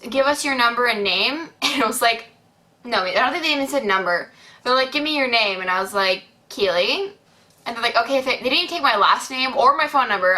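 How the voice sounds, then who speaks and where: A young woman telling a rambling story on her vlog, acting out what people said, with lots of fillers. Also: on the high side. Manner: rambling, animated retelling with many fillers and acted-out quotes. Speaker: beauty vlogger.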